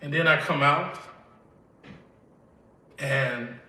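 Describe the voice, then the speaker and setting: Very slowly, an older man from Mississippi recounts his life in tears, his fairly high voice pushed and bright, his Southern accent clear. He performs the dialogue of the moments he recalls as an emotional personal testimony, picked up from afar in a room with echo.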